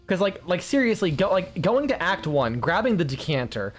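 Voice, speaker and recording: A man's voice: high-pitched, very animated, normal speed, soft background music. Rambling, swearing man streaming a game. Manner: rambling, swears often, many filler words. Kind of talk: casual gameplay commentary.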